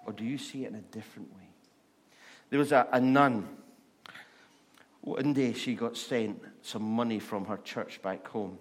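A man preaching a sermon, repeating rhetorical questions and slowing down to stress words. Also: lowish voice.

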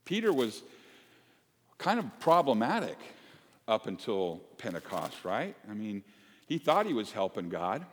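A man preaching a sermon as pastor, conversational and animated, asking the congregation questions. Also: fairly low pitch, unhurried, slightly rough. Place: church sanctuary. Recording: long church reverb.

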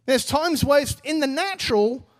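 A man's voice: very high voice, animated, normal speed. A man in his thirties preaching a sermon, earnest and exhorting, with casual, everyday phrasing.

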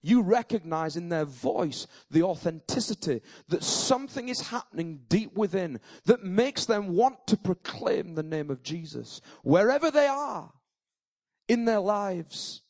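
High-voiced preacher. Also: male voice, animated, unhurried, a little mellow. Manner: conversational storytelling building to fervent, emphatic preaching. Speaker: pastor. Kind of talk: sermon.

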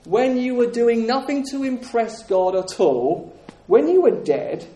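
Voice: medium pitch, expressive, measured pace, warm tone. Preacher, emphatic sermon, repeats phrases, roomy echo. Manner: emphatic, repeats key phrases, jokes with the congregation. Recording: roomy echoing hall.

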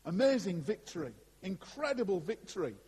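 A man preaching a sermon to a congregation in an animated, conversational way, with asides to his listeners. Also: high voice, fairly quick, husky. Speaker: pastor. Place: church before a congregation. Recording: long hall reverb.

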